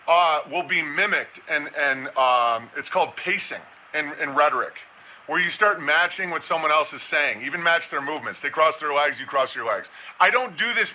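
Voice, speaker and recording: Bright-voiced man rambling conspiracy commentary. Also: on the high side, a little hiss or hum, poor audio. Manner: rambling, conspiratorial, with mocking impressions. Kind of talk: casual commentary monologue.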